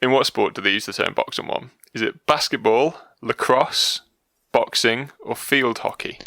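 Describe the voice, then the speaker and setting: Casual podcast co-host, man, gravelly and bright, jokey, laughs a lot, dry close mic. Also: mid-range voice, moderate pace, no echo. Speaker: podcast co-host reading a quiz.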